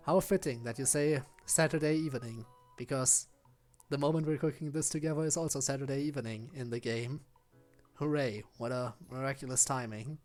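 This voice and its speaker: A man's voice: medium pitch, brisk, darkish tone, soft background music. A man streaming a visual novel, reading the hero's lines and chatting with a self-mocking, laughing manner. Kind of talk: playing a visual novel aloud.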